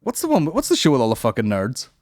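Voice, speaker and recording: A man's voice: mid-range voice, wildly swooping pitch, fast talker, a little mellow, dry recording, studio quality. A young man hosting a comedy podcast, rambling and swearing in a casual monologue. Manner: rambling, profane, puts on silly voices.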